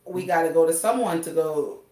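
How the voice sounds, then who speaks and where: A woman's voice: low-pitched, fairly quick, recorded from a distance. A woman from Jamaica with a Jamaican accent, chatting animatedly as a guest about her hair. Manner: animated, sassy, laughing. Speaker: loctician guest. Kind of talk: casual live-stream chat. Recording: echoey room with faint noise.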